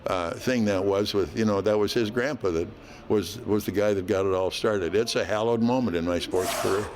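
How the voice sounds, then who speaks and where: An older man, a veteran hockey announcer, telling stories in an interview in a folksy, unhurried way with frequent fillers. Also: fairly low pitch, a little hiss or hum. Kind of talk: relaxed interview storytelling.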